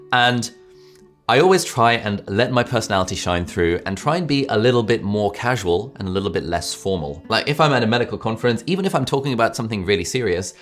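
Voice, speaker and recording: A young man, talking casually to camera and giving speaking tips in a chatty, informal way with self-aware asides. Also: fairly low pitch.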